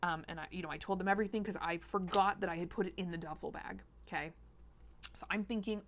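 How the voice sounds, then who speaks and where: Chatty low-voiced woman telling a story. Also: quick pace. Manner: rambling, animated, full of "like" and "you know". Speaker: sewing vlogger. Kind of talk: casual storytelling chat.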